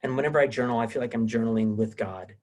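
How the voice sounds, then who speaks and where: A man's voice: medium pitch, very fast, darkish tone. A man giving a conversational teaching sermon, telling personal stories with many fillers and restarts.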